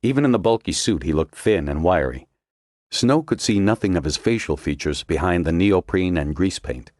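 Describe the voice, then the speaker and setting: A man reading a thriller audiobook in a measured, dramatic storytelling manner. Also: low-pitched, expressive, darkish tone, dry recording, studio quality. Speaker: audiobook narrator. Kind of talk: scripted narration.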